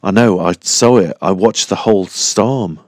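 A man's voice: low voice, a little slow, darkish tone, no room sound, studio quality. A man voicing an adult scarred loner who talks in a plain, guarded, friendly way in an audiobook.

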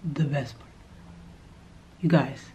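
A woman's voice: rumbling low, fairly even intonation, slow, dark tone, highs cut off, slight background noise. A young woman hosting a joking makeup tutorial vlog, playful and often dropping into whispered asides, now and then slipping into a mock accent. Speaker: beauty vlogger.

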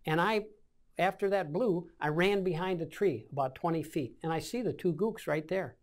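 A man's voice: sits high, normal speed. An older man in his seventies tells his war stories as a veteran being interviewed. He talks in a vivid way and acts out each scene with his own gunfire and explosion sounds. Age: 70s. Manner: vivid storyteller acting out scenes with sound effects. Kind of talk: oral-history war recollection.

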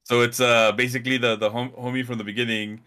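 A man chats about a movie in a loose, halting way, restarting sentences and swearing casually. His tone is bright and forward. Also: mid-range voice, little pitch movement, clear, resonant tone. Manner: halting, profane, laid-back. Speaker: podcast co-host.

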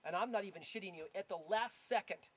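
A man telling an accident story in casual chat, animated and swearing often, repeating himself as he goes. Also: sits high, quick pace. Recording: heavy background noise.

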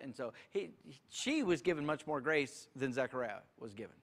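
A man's voice: medium pitch, expressive, moderate pace. A male pastor, leading a church Q&A in a folksy, joking way. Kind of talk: church Q&A teaching.

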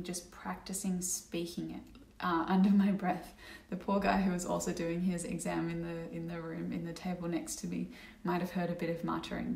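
A woman's voice: medium pitch, vocal fry, a little mellow, distant mic. A young woman vlogging casually to camera, rambling a little with fillers and restarts as she talks through an experience. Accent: Australian. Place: indoor room at home. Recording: echoey room, slightly off-mic.

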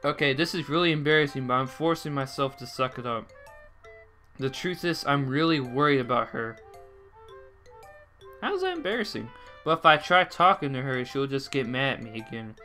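A man's voice: mid-range voice, sing-song, normal speed, bright, forceful tone, faint music behind. A young man doing let's play commentary and reading game dialogue aloud, jumpy and dramatic, swearing and breaking into sudden outbursts. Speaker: gameplay commentator.

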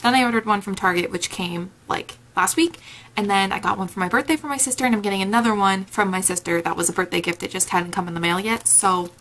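A woman's voice: a little high, fairly bright tone, slight background noise. A young woman chatting casually in a reading vlog from home, giggly and gushing, on a camera mic. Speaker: book vlogger.

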